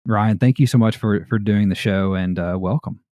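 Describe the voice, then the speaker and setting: Deep-voiced Southern American podcast host. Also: male voice, normal speed, warm tone, dry recording, studio quality. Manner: laid-back, chatty, laughs often. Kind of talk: casual podcast chat.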